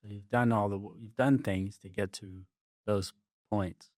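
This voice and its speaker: A man's voice: on the low side, steady tone, measured pace, a little mellow, no echo, clean studio sound. A man interviewing a friend, asking short questions and reacting with encouraging remarks. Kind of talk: conversational interview.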